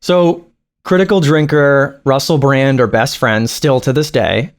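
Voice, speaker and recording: A man's voice: medium pitch, unhurried. A man doing profane, mocking reaction commentary over a video. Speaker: reaction streamer.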